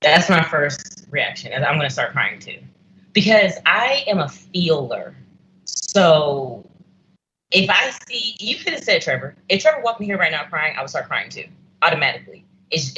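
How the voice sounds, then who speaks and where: A woman's voice: low-pitched, sharp tone. A woman on a talk panel, speaking earnestly and reflectively in casual conversation. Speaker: guest panelist. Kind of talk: casual discussion. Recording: dull audio with faint noise.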